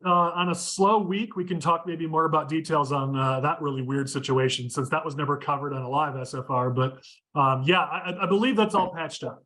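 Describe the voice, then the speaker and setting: A man hosting a casual political discussion podcast, talking quickly and steering the conversation with firm opinions. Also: fairly high pitch, pushed and bright. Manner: quick, opinionated, leads the talk. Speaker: podcast host.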